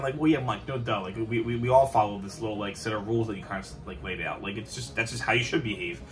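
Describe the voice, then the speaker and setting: A man's voice: medium pitch, fairly bright tone. A young man talking casually to camera about collecting, rambling with many restarts and fillers. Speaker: collector vlogger. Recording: distant mic, faint background music. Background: faint music.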